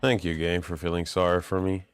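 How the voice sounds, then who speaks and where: A man giving chatty, self-mocking commentary while playing a racing game, getting excited when he pulls ahead. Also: low-pitched, a little fast. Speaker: gamer commentating his play. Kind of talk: casual gameplay commentary. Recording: game engine noise behind voice. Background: racing game car sounds.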